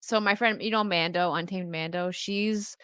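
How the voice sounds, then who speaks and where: A woman's voice: fairly low pitch, steady tone, normal speed, pushed and bright, smooth, no room sound, clean studio sound. A woman guest on a casual livestream chat, chatty and rambling, laughing easily. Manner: chatty, lots of likes and restarts, laughs easily.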